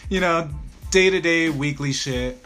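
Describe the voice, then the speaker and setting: A man's voice: on the high side, measured pace, fairly bright tone, soft background music. A young man telling a rambling work story in casual chat, full of swearing, fillers and laughs. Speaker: restaurant worker telling a story.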